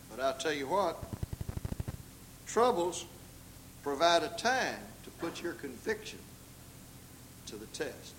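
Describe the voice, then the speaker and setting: Older Southern preacher with lively swings. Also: male voice, slow, pauses often, a little hiss or hum, low-quality recording. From American South. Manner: dramatic, acts out quoted voices with big pitch leaps. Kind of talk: sermon.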